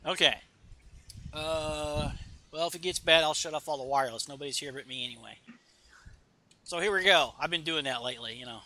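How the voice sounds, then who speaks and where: A man's voice: a little high, fairly quick, long pauses, sharp tone. A man casually recapping a comic on a remote podcast call, rambling with many fillers and reading lines aloud. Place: home.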